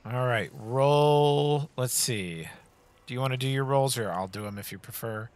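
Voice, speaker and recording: A man's voice: medium pitch, unhurried, darkish tone. A man running a tabletop game as game master, giving vivid descriptive narration and calling for dice rolls.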